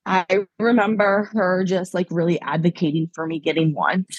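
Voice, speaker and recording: Husky-voiced woman telling her story. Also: on the low side, steady tone, moderate pace, no room sound, highs cut off. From Pennsylvania, USA. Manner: chatty, laughs often, acts out what people said. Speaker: podcast guest sharing her pregnancy story. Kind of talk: casual conversational storytelling.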